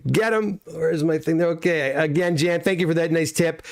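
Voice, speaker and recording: Male host, middle-aged, slightly high voice, rambling friendly livestream chat, repeats himself. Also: steady tone, unhurried, creaky. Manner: chatty, loose, frequent restarts and repeated words. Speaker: comic pressing business owner and livestream host. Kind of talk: casual livestream chat reading viewer comments.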